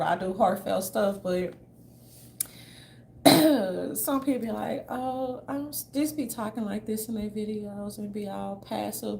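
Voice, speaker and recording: A woman's voice: mid-range voice, creaky, a little hiss or hum. A woman from the southern United States doing casual livestream commentary, loose, chatty, blunt and profane as she talks straight to her viewers.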